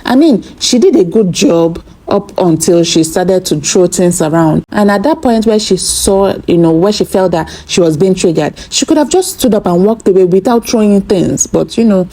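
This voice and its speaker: A woman's voice: mid-range voice, lively intonation, normal speed, hardly any pauses, mellow. A woman giving a chatty, opinionated recap of a reality TV episode, often acting out what others said. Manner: chatty, opinionated, acts out quotes. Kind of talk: casual recap commentary.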